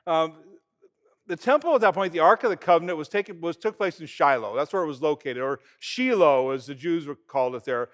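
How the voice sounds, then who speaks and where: Male pastor, fairly high voice, relaxed sermon, lively storytelling. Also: fairly quick. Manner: animated storytelling, retelling events in everyday talk. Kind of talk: conversational sermon.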